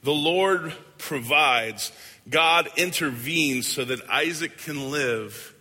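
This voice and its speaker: Slow, bright-voiced preaching man in a hall. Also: a little high. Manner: earnest, slow and deliberate preaching, often trailing off softly at line ends. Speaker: pastor. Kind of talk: sermon. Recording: hall with long reverb.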